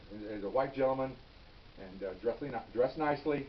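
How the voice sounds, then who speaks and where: An older man, a retired police officer, recounting a patrol story in a casual, plain-spoken way. He repeats himself and tosses in "okay?" to keep the listener with him. His voice sits at an ordinary middle pitch, sounding distant and dull, like a lo-fi recording. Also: fast, a little hiss or hum.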